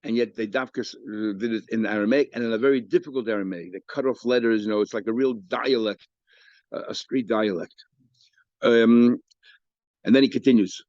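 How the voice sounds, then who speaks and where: A male rabbi teaching a Talmud lesson at an even, ordinary pitch. He explains the text line by line and gets louder and higher as he reads the quoted passages. The sound is dry and a little dull. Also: normal speed, no echo. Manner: explanatory, rises in pitch and volume when reading quoted Aramaic. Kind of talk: daily Talmud class. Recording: dry, slightly dull recording.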